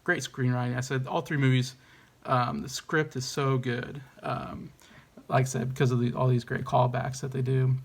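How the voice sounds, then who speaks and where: A man's voice: mid-range voice, little pitch movement, moderate pace, gravelly. A man giving a casual, enthusiastic movie review, hesitant and rambling with many ums and restarts.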